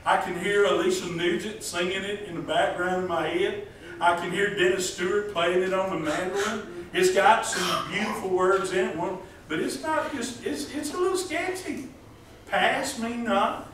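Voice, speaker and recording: A pastor preaches in a folksy, joking way, tossing questions at his congregation. His voice sits high for a man. He is heard from a distance in a very echoey church hall with faint room noise. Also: moderate pace, fairly bright tone. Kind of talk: folksy sermon.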